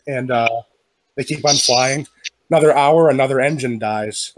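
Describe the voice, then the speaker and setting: A podcast regular tells long jokes in a casual group chat, his mid-range voice carrying over slight background noise. He's a smooth storyteller who glides through the setups and switches voices quickly for the characters he quotes.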